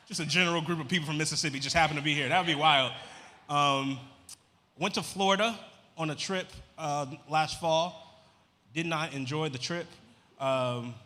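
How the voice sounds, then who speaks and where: Male stand-up comic, rambling deadpan delivery, live club room with long reverb. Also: a little high. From Louisiana. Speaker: stand-up comedian. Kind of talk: stand-up comedy set. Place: comedy club stage. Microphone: handheld stage mic.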